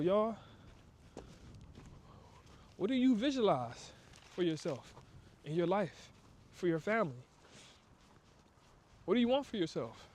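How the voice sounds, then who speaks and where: Emphatic, high-voiced motivational man outdoors. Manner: emphatic, preachy street talk with slang and acted-out asides. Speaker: vlogger giving a motivational talk. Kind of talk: casual motivational monologue on a walk. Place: outdoors on a walk.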